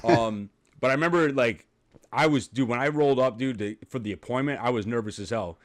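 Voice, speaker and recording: A man's voice: mid-range voice, brisk. A man hosting a casual podcast chat, telling stories with lots of laughter and easy swearing. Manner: chatty storyteller, laughs a lot, swears casually. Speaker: podcast host.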